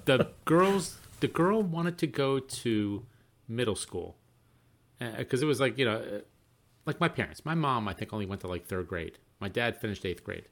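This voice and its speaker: A middle-aged man co-hosting a podcast, chatting casually and telling stories with lively exclamations. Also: medium pitch, moderate pace. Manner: animated storyteller, exclaims often. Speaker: podcast co-host. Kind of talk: casual chat.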